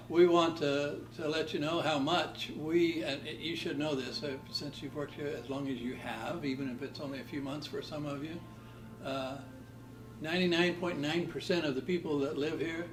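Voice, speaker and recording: Older man stammering kind advice. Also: a little high. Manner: halting, with stammers and fillers. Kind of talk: warm advice speech. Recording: echoey room with faint music.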